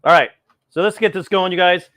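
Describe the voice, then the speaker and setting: A man's voice: sits high, fairly quick, sharp tone, no room sound, clean studio sound. Chatty man hosting a live cooking stream. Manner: rambling, greets viewers by name. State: a little cold.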